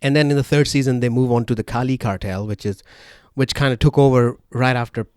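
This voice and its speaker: A man's voice: mid-range voice, fairly even intonation, a little mellow, clear, resonant tone, no room sound, clean studio sound. Rambling New podcast host, man. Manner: rambling storyteller, quick laughs, many fillers. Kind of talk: casual podcast chat.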